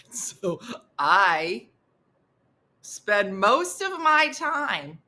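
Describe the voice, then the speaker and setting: A woman comedian spins a funny story with exasperated flair. Her pitch leaps and dips all the time. Her voice is bright and forceful. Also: sing-song, very slow, long pauses. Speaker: comedian host. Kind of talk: comic storytelling.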